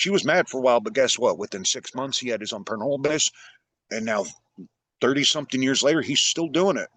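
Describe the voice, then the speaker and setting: A middle-aged man hosting a conversation, talking in an animated, rambling way. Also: medium pitch, quick pace, no echo. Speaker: podcast host. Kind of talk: casual conversation.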